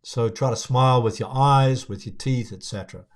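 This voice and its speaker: A young man coaching viewers on speaking to camera, talking in a relaxed, conversational way with frequent fillers and restarts. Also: mid-range voice, moderate pace. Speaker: video coach. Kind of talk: casual on-camera tutorial.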